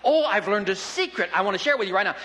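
A middle-aged man preaching in a folksy, joking way, his voice pitched high and ringing bright. He delivers an animated sermon that carries a long echo through a hall. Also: rapid-fire.

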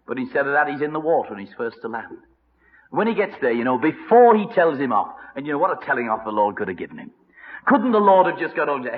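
A man preaching a sermon, telling the story with lively narration and acted-out voices. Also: medium pitch, fast talker. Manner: animated storytelling, acting out voices. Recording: reverberant dull old radio broadcast.

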